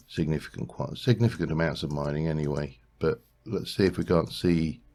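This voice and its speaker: A man's voice: extremely low pitch, warm tone. A man hosting a let's play, musing aloud in casual gameplay commentary, rambling with frequent restarts.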